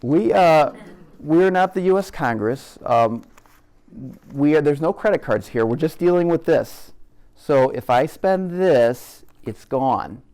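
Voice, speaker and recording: A man gives a live caricature demonstration to an art group, teaching conversationally, joking, and asking the audience questions. His voice is a little high, animated and a little mellow, and he takes it slowly.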